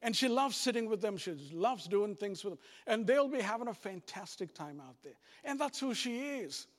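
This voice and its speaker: A man preaching a sermon as a pastor, talking straight to his congregation with lively repeats and restarts. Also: sits high, moderate pace, long reverb tail. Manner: animated, repetitive restarts, addresses congregation directly.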